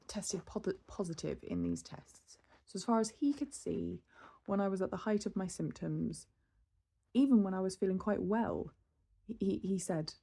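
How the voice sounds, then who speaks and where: Gravelly-voiced exasperated woman vlogger. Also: medium pitch. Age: 30s. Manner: exasperated, animated storytelling with laughs and sighs. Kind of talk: casual venting monologue.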